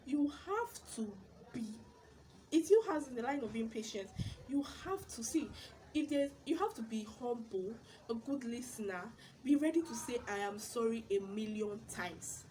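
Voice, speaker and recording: A young woman with a Nigerian accent telling her business stories in a casual vlog, animated, exclaiming and repeating words for emphasis. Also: on the high side, moderate pace, a little hiss or hum. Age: young adult. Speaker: vlogger.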